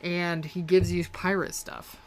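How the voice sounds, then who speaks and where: A woman's voice: on the low side, flat delivery, measured pace. A woman co-hosting a podcast in casual chat, rambling with fillers. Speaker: podcast co-host.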